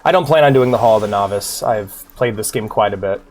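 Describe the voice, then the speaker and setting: A man's voice: lowish voice, fast talker, a little mellow. Man rambling casually on a game stream. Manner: rambling, profane, chatty with chat. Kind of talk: casual gaming stream chat.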